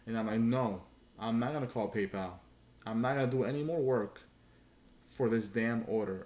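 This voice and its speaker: A man with a mid-range, darkish voice rants at normal speed on a livestream, his home room echoing around him. The gaming channel host rambles, swears, and performs quoted dialogue as he tells his frustrated story.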